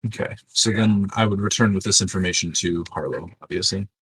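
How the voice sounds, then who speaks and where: A man's voice: deep voice, fairly quick, fairly bright tone, slightly rough, dry recording, low-quality recording. A man playing a tabletop game, asking hesitant, searching questions. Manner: inquisitive, hesitant. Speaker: player. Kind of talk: casual tabletop play.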